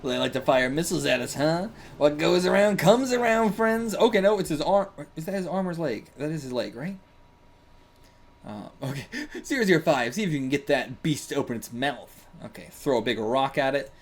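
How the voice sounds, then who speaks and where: A young man reading a manga aloud and reacting casually, excitable and laughing, with bursts of swearing. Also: mid-range voice, fairly quick. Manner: excitable, swears, laughs, puts on brief character lines.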